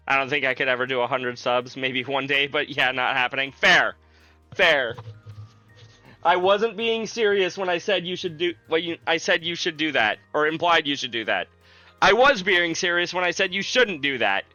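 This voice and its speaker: A man streaming a game, chatting casually with viewers in a joking, sarcastic way with drawn-out asides. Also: a little high, lively intonation, pushed and bright, no echo, faint music behind, rough recording. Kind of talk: casual livestream gameplay chat.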